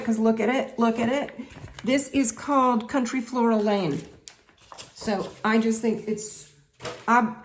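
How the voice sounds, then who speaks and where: A woman's voice: fairly high pitch, slight background noise. A woman with a Southern US accent hosting a chatty craft tutorial, talking straight to her viewers in a folksy way. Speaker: craft video host.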